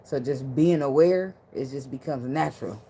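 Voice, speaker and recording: A woman with a deep, low voice reads tarot cards in a relaxed, chatty way. She talks in loose slang, swears freely and laughs often. Faint background noise sits under her voice. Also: moderate pace. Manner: blunt and profane, laughs a lot. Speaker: tarot reader. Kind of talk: casual tarot reading.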